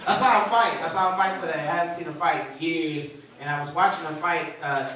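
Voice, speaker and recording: A man doing a stand-up comedy set, telling stories in an animated, laughing way with voiced impressions, on a small studio stage. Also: fairly high pitch, fairly quick. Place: small TV studio with a live audience. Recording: echoey room from far off with a loud crowd.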